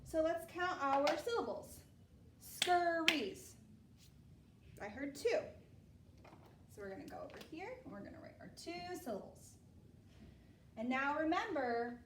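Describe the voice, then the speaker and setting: A woman teaching children a phonics lesson, patient and steady, checking in often with "okay?". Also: sits high, echoey room, recorded from a distance, a little hiss or hum.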